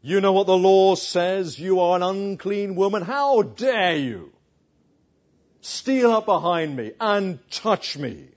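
A man's voice: sits high, lively intonation, slow. A man acting out an imagined stern male teacher who scolds harshly and accusingly. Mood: scolding. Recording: dull lo-fi recording.

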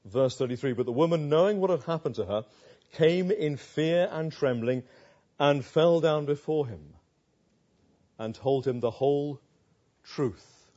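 Male preacher, slow and breathy, dull lo-fi recording. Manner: expressive, with dramatic pauses and soft, hushed lows. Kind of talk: expository sermon.

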